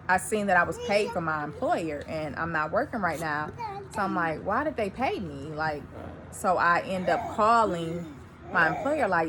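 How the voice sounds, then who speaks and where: Excited woman telling a personal story. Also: medium pitch, background noise. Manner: excited, animated storytelling with quoted dialogue. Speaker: vlogger. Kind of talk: casual chat. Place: home.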